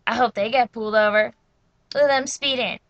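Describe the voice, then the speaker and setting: A woman impersonating her angry, screechy mother yelling profanities at other drivers from behind the wheel. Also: fairly high pitch, fairly even intonation, fairly quick, no room sound, lo-fi sound. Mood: raging. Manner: yelling, profane road rage.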